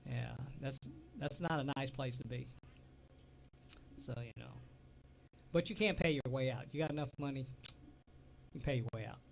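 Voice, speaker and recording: A Southern US man co-hosting a casual talk show speaks at a moderate pace in a creaky, mid-range voice with long pauses. He's a rambling storyteller who laughs easily and leaves sentences unfinished. The recording is low quality, with a little hiss or hum.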